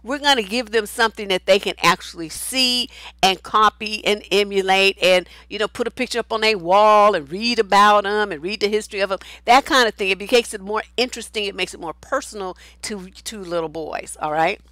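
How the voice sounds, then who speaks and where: A woman's voice: mid-range voice, fairly quick, pushed and bright, no room sound. A woman relationship coach giving casual advice talk and answering viewer comments, blunt and outspoken, swearing freely.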